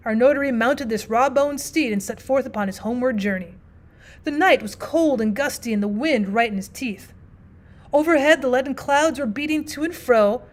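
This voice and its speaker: A woman teacher narrating a classic story aloud, expressive and lively, dropping in casual asides. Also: a little high. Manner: expressive, with frequent "well" asides.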